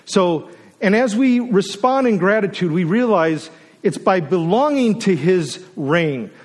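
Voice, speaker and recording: An earnest man preaching a sermon, his voice climbing to emphatic high points and then sinking low and soft. He sounds moved, at moments choked up, and speaks slowly for weight. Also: lively intonation. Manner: earnest, emotional, swells up then drops to a hush. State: choked up with emotion. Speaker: guest preacher.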